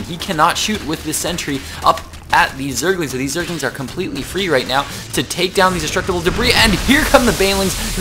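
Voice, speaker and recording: A young man doing solo play-by-play commentary on a video game match, talking fast with many fillers and a rough morning voice. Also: on the high side, pushed and bright. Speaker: esports caster.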